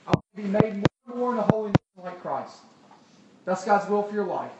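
A man's voice: sits high, animated, a little fast, lo-fi sound. A man preaching a sermon, talking conversationally and asking the crowd rhetorical questions. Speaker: pastor. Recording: echoey hall, distant mic, loud noise.

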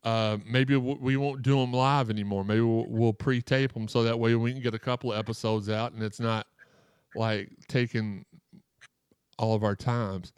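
A man's voice: mid-range voice, steady tone, moderate pace, smooth, no room sound, studio quality. Joking man hosting a podcast. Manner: joking, rambling, reads chat comments aloud. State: sore throat after surgery. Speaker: podcast host. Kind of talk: live-streamed casual podcast chat.

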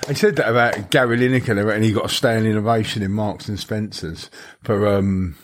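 A man's voice: fairly low pitch, steady tone, brisk, a little hiss or hum. A comedian co-hosting a podcast, bantering casually, swearing freely and laughing at his own stories.

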